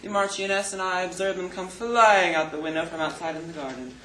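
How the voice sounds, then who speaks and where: An actor in an amateur stage play playing a flamboyant, vain French marquis who gossips theatrically and takes offense quickly. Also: male voice, high-pitched, steady tone, pushed and bright. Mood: gossipy. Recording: echoey hall, mic from far off.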